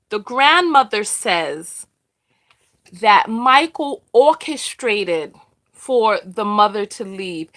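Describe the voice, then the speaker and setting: Chatty woman with a higher voice. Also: pushed and bright. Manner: chatty, repeats herself, asks "right?". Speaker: host of a live discussion. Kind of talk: casual live-stream commentary.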